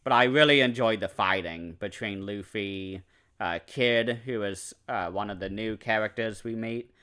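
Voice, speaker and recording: A man's voice: lowish voice, a little slow, bright, forceful tone, smooth. A man giving a casual, enthusiastic anime review, rambling with fillers and self-corrections.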